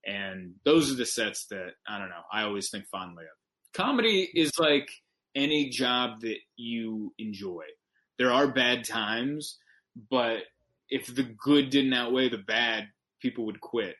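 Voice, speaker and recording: A man, a stand-up comedian, telling rambling, animated anecdotes as a guest on a podcast. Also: mid-range voice, measured pace, rough recording. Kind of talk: casual podcast storytelling.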